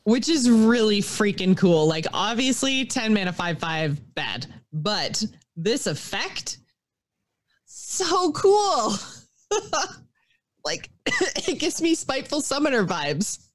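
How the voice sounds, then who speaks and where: A woman co-hosting a podcast in casual chat, excitable and laughing often, with lots of fillers. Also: mid-range voice, slow, no echo. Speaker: podcast co-host.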